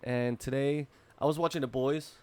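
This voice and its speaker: A man's voice: medium pitch, fairly even intonation, normal speed, dark tone, clear, resonant tone. A man hosting a casual beer-tasting podcast, rambling and laid-back with casual slang. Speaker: podcast host.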